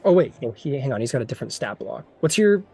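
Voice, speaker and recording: A man's voice: medium pitch, sing-song, fast talker, gravelly, mellow, slightly rough. A young man narrating a tabletop game as game master, loose and full of fillers.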